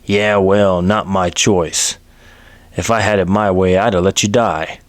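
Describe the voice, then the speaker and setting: A man's voice: low-pitched, steady tone, measured pace, no echo. A man voicing a bigoted, sneering frontier doctor, spitting his words with contempt. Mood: contemptuous.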